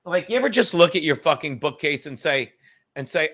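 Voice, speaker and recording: A man's voice: a little high, expressive, fairly quick, a bit bright. A man hosting a podcast, rambling casually from his apartment, swearing and joking. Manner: profane, joking, reads aloud from a book. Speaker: podcast host.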